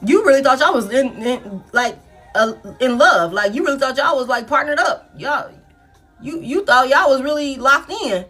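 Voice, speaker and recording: A high, animated, sharp-toned woman reads tarot at a moderate pace in her home setup while soft music plays. Her monologue is blunt and casual, peppered with swearing and phrases said again for emphasis.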